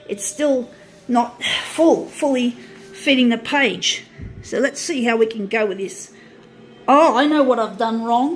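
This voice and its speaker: Woman vlogger, high-pitched, profane ranting demo, faint music underneath. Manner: profane, ranting, half-laughing. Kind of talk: angry ranting product demo. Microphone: phone.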